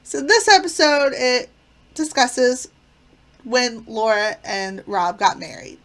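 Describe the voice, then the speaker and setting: A woman's voice: on the high side, slow pace, fairly bright tone. A woman casually reviewing favorite sitcom episodes, retelling plots with enthusiasm and frequent fillers. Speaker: channel host.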